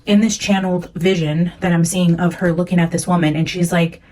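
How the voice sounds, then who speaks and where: A woman's voice: on the low side, fairly even intonation, a little fast, few pauses, darkish tone, rough recording. A young woman, a psychic medium, talking casually and earnestly as she reads from her notes, rambling with many fillers.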